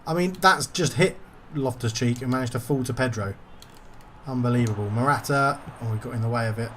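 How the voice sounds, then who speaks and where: A man's voice: mid-range voice, brisk, a bit bright, slight background noise. A man commentating his own football video game session, getting frustrated and swearing at the game. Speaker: gaming YouTuber.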